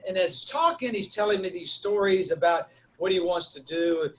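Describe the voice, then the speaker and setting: A university instructor speaking as a webinar guest, telling a story with animated, acted-out dialogue. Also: male voice, high-pitched, normal speed. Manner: animated, acts out dialogue in a raised voice. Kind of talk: storytelling talk.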